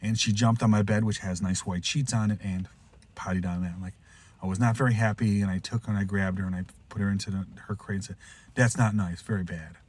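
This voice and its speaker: A man hosting a podcast, telling a rambling pet story in a casual way, restarting often and jumping into loud, high voices when he quotes someone. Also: steady tone, quick pace. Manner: rambling, with frequent restarts and asides. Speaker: podcast host.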